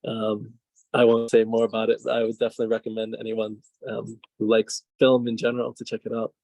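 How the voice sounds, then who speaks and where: A man, a filmmaker and the guest, talks over a video call in a flat, even voice. His speech is hesitant, full of fillers and restarts, and the sound is close and dry. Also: on the low side, brisk, gravelly, no echo. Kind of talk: casual conversational interview.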